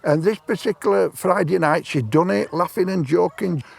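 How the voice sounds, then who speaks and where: A man's voice: high-pitched, moderate pace, creaky, darkish tone, husky. A man, telling a long personal story in plain-spoken, rambling speech. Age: 70s. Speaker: stranger on a park bench. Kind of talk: casual storytelling. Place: park bench outdoors.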